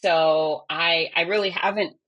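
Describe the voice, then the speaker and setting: A woman's voice: on the low side, fairly even intonation, fairly bright tone, highs cut off. A middle-aged woman, a fitness expert, speaking candidly and with emotion as an interview guest. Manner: candid, emotional, quick bursts. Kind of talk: conversational interview.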